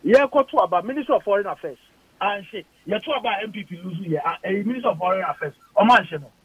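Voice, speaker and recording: A man's voice: high-pitched, animated, quick pace, breathy edge, no echo. A man with a Ghanaian accent, a politician on a radio interview, firing off emphatic, indignant rhetorical questions. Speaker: politician guest. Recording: dull lo-fi radio audio.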